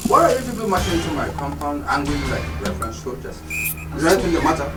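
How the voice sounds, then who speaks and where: An actor playing an arrogant, greedy brother-in-law who lectures and mocks, speaking with a Nigerian accent over a film score. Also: male voice, on the high side, sing-song, very fast, loud music behind the voice. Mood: mocking. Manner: scornful, lecturing, mocking. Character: arrogant greedy middle-aged man seizing land.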